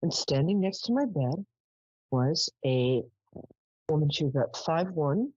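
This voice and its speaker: A woman's voice: low voice, lively intonation, unhurried, a little mellow, husky, lo-fi sound. A woman hosting a live psychic call-in show, telling stories in a chatty, meandering way with plenty of ums.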